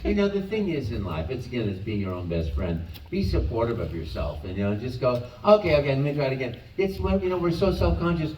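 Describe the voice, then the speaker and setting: Expressive older man in an echoey hall. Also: medium pitch, a little fast, few pauses. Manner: expressive, encouraging, rambling with restarts. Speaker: guest voice actor on a convention panel. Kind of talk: panel Q&A answers. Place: large convention hall. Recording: echoey hall, voice from far off, faint noise.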